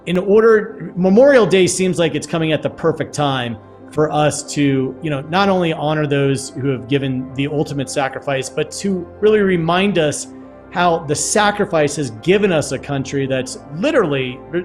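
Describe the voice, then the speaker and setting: A male host running an interview, speaking fluently and upbeat. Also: a little high. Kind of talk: interview hosting.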